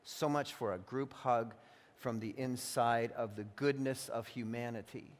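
A man's voice: mid-range voice, fairly even intonation, a little slow, a little hiss or hum. A man preaching a sermon as a pastor, emphatic, stretching out key phrases and often doubling words as he restarts. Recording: long reverb of a large hall.

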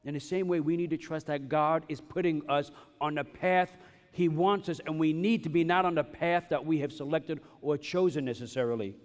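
A man's voice: fairly high pitch, moderate pace. Man preaching in a reverberant sanctuary. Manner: emphatic, repetitive preaching with humorous asides. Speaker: pastor. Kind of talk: sermon. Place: church sanctuary. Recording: long reverb of a large hall.

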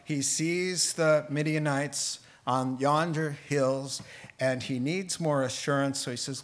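A man's voice: a little high, steady tone, slow pace. A man preaching a Bible sermon in a conversational way, with joking asides. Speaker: pastor.

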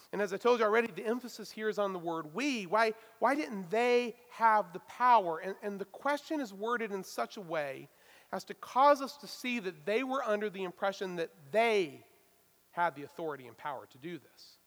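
A man preaching a sermon, swinging between loud emphatic stresses and hushed asides. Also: sits high, big-room sound. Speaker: pastor.

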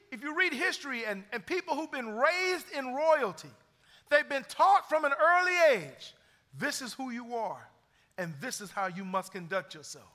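A man's voice: very high-pitched, sharp tone. A middle-aged man preaching a sermon as pastor, building emphasis and retelling stories with energy. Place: church sanctuary. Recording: long hall reverb.

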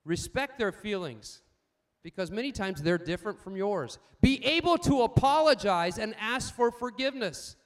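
Older male pastor, somewhat high-voiced, sermon delivery with amens and soft anecdotes. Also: expressive, normal speed. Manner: swings from loud emphatic points to quiet storytelling; asks the congregation for amens.

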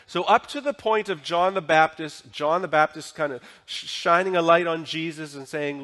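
A man's voice: on the high side, moderate pace, fairly bright tone. A male pastor preaching a sermon in a church, talking in a conversational way and often asking the congregation questions. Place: church sanctuary.

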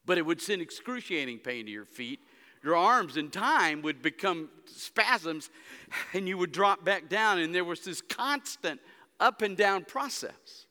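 Man, pastor, somewhat high and forceful voice, dramatic sermon delivery, long church reverb. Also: lively intonation, a little slow. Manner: dramatic preaching, swinging between hushed and loud emphatic stretches. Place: church sanctuary.

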